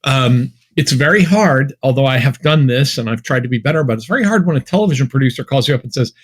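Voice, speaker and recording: A man's voice: mid-range voice, lively intonation, quick pace, hardly any pauses. A man from Massachusetts, an academic guest on a podcast, talking in a chatty, wry, anecdotal way. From Massachusetts, USA. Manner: chatty, anecdotal, wry, with many fillers and restarts. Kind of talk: podcast interview conversation.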